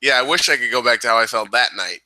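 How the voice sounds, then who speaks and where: Very bright-voiced, congested man. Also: mid-range voice, fast, dry recording, low-quality recording. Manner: jokey, laughs often, self-mocking. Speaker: podcast co-host. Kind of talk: casual chat. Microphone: video call.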